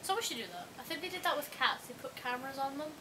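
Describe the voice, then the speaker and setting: A woman's voice: high-pitched, expressive, very fast, very noisy. A young woman, the host's friend, chatting at home in a dry, joking way. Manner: sarcastic, joking. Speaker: friend of the host. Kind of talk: casual chat.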